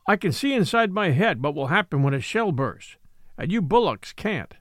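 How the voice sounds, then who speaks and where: A man voicing a timid, thoughtful elephant that hauls big guns, speaking gently as if explaining. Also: high voice, very animated, moderate pace, dry recording, clean studio sound. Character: old gurgly elephant, gun-team beast, timid and thoughtful.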